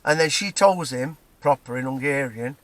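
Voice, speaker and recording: A man's voice: mid-range voice, normal speed, a bit bright, no room sound. A man with an English accent telling an angry personal story in a rambling monologue, often repeating himself. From England. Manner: agitated, repetitive, restarts often. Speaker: vlogger.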